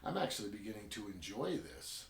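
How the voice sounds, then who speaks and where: A man voicing a male teddy bear in a retold story, a quietly ruthless leader speaking calmly and plainly. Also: on the low side, brisk, creaky, echoey room, far from the mic, a little hiss or hum.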